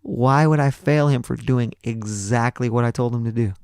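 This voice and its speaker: A man's voice: mid-range voice, normal speed, a little mellow, clear, resonant tone, no echo, clean studio sound, natural voice. A man voicing a woman teacher who defends a top student. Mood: incredulous. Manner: incredulous, defending. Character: adult woman teacher, puzzled, loyal to her student.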